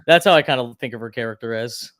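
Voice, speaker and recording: A man's voice: mid-range voice, quick pace, a bit bright, dry recording. Chatty man on a film panel, dry sound. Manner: chatty, many fillers, shares personal stories. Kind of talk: casual film review chat.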